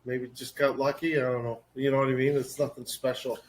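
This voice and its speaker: A man's voice: mid-range voice, flat delivery, fairly quick, a little hiss or hum. A man co-hosting a podcast, talking in blunt, opinionated rants with casual swearing. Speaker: podcast co-host.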